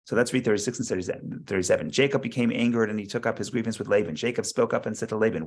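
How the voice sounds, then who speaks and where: A man with a fairly low voice leads a study class on a biblical text. He reads passages aloud, then explains them in a halting way, often restarting and repeating words as he thinks. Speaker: Torah class teacher.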